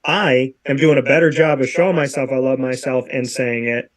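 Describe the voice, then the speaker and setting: A man's voice: medium pitch, fairly even intonation, moderate pace. A man in his thirties hosting a talk show, speaking emphatically and repeating phrases for effect. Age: 30s. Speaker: show host. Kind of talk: casual talk show chat.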